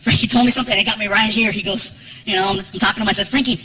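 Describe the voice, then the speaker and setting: A man doing stand-up comedy, telling animated jokey stories and acting out voices on a live stage. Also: sits high, rapid-fire. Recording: echoey live venue.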